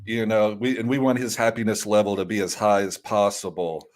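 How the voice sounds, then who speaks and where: A man co-hosting a fantasy baseball podcast, jokey and animated, often repeating words as he starts a thought. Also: on the low side, a little fast. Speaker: podcast co-host. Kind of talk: casual chat.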